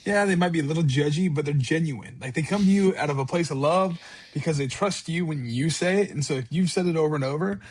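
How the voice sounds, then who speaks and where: Man, 40s, podcast guest; earnest storyteller with a higher voice, dry close sound. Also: fast, a little mellow, breathy edge, no echo. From California. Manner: earnest, repeats words and restarts, quotes himself aloud. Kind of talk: candid conversational storytelling.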